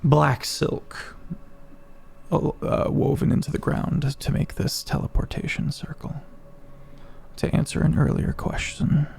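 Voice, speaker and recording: A game master narrating a tabletop game in a slow, musing way. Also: medium pitch, little pitch movement, gravelly, a little mellow, slight background noise.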